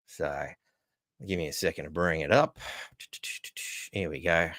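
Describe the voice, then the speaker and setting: A man's voice: very deep voice, unhurried, fairly bright tone, dry recording, studio quality. A man hosting a casual news-wrap stream, wry and sarcastic, swearing freely. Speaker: host. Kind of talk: casual commentary.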